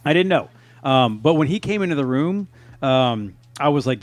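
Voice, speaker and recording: A man's voice: medium pitch, animated, moderate pace, no echo. A man co-hosting a podcast, talking casually and profanely, laughing often. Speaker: podcast co-host. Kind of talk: casual chat.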